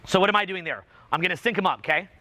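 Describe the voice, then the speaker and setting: A man with a high, bright, forceful voice runs a live speaking workshop. He coaches with commanding energy, pushing a student to get louder. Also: very fast.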